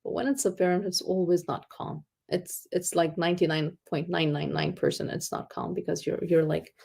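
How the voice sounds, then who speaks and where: A woman speaking at a parenting conference in an animated, earnest teaching tone. By her own account she is loud and excitable. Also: fairly low pitch, normal speed, creaky, slightly rough. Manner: earnest, teaching tone with faith terms. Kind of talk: conference talk.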